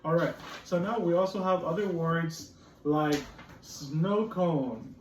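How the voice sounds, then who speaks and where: A woman's voice: on the low side, slow, darkish tone. A woman teacher leading a phonics lesson with young children, drilling words over and over in a coaxing way. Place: classroom. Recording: echoey classroom from far off, faint noise.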